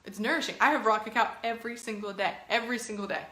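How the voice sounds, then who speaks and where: Woman, wellness coach, chatty and encouraging, bright voice, echoey room. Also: on the high side, quick pace. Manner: chatty and encouraging, with many filler words. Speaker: health and fitness coach. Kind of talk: casual coaching talk to camera.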